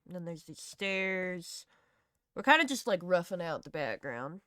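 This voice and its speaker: A woman's voice: lowish voice, very animated, measured pace, bright, forceful tone, no room sound, clean studio sound. A woman with a Southern US accent chatting casually on a live stream while she draws, rambling, laughing and swearing freely. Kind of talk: casual chat while drawing.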